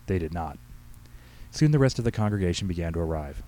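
A man reading aloud his own humorous short story with a brisk, wry delivery. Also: sits low, animated, mellow, rough recording. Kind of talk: storybook narration.

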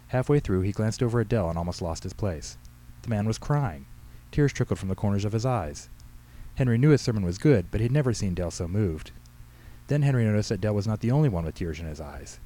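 Man reading his story briskly. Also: on the low side, warm tone, poor audio. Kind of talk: storybook narration.

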